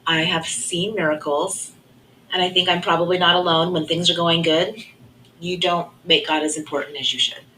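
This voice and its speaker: Earnest woman with a low, bright voice. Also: steady tone, normal speed, a little hiss or hum, low-quality recording. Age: middle-aged. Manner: earnest, reflective, softly trailing off. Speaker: guest sharing her testimony. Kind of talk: personal faith testimony.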